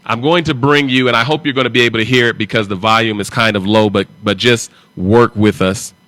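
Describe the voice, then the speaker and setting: A man's voice: medium pitch, fairly even intonation, brisk, fairly bright tone, dry recording. A man hosting a live stream, talking in an emphatic, repetitive and confrontational way. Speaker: livestream host.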